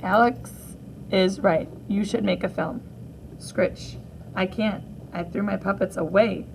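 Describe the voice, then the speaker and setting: A woman teacher reading a graphic novel aloud for children, gently voicing each character in turn. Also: mid-range voice, unhurried, creaky, slight background noise, rough recording.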